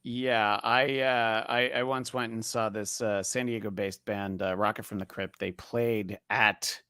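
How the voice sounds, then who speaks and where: A man's voice: on the low side, steady tone, a little slow, bright, forceful tone, clear, resonant tone, no echo. A man hosting a podcast, chatting casually and rambling with lots of fillers and restarts. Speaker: podcast host. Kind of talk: casual chat.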